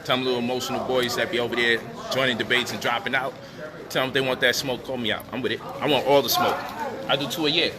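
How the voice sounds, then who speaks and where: A man's voice: mid-range voice, fairly even intonation, rapid-fire, a crowd in the background. A man boasting and talking casually with streetwise slang, addressing viewers about debating and teaching. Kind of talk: boastful casual talk to camera. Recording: noisy street ambience.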